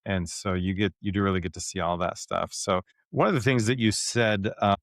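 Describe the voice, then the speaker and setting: Deep-voiced male podcast host, dry sound. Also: a little fast, no echo. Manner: relaxed, conversational, asks open questions. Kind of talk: podcast interview.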